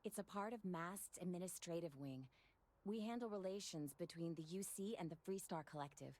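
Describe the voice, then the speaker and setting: A woman's voice: fairly low pitch, normal speed, a little mellow, natural voice. An actress voicing a friendly young woman clerk in a video game, talking in an earnest, chatty way.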